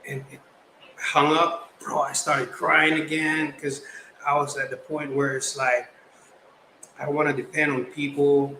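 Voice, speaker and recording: A young man from the Philippines, a guest artist telling stories in casual chat, animated and slangy. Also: fairly high pitch, a little slow. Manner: animated, slangy, acts out quotes. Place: podcast studio. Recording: roomy echo, faint background noise.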